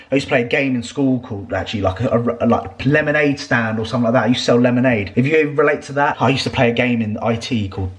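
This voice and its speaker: A young man chatting casually as a fitness vlogger, swearing freely and ranting loudly. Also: mid-range voice. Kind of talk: casual vlog chat. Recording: echoey room.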